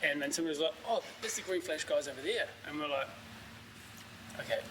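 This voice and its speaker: A man's voice: fairly high pitch, expressive, fast. A middle-aged man, a brewery founder guest chatting casually and swearing as he retells stories. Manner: chatty, swears, quotes others. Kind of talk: casual storytelling chat. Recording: distant mic, noisy background.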